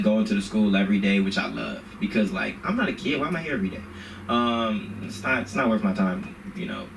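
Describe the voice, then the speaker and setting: A man's voice: mid-range voice, fairly bright tone. A man doing a stand-up set at an open mic, telling stories in a loose, rambling, conversational way. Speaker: stand-up comedian. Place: comedy club stage. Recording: echoey room, distant mic, faint hiss.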